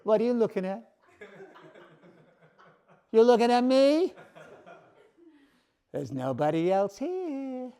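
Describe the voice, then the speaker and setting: A man's voice: very high voice, darkish tone. A man doing a raging, sneering ventriloquist dummy. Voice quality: sneering, mocking, explosive outbursts. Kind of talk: solo ventriloquist-style performance.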